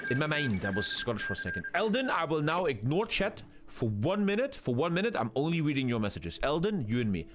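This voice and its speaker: A man's voice: on the high side, very animated, fast talker, few pauses, slight background noise. A young man streaming a strategy game live from home, crude and hyper as he banters and swears at chat.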